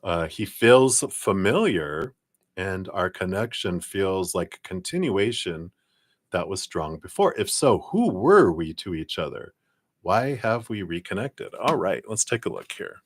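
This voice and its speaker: A man with a low, deep voice reads tarot cards in a loose, conversational way. He sounds encouraging and thinks aloud with easy fillers. The sound is close and dry, with no room around it. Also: very animated, a little slow, husky, no room sound. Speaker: tarot card reader. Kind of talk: casual live tarot reading.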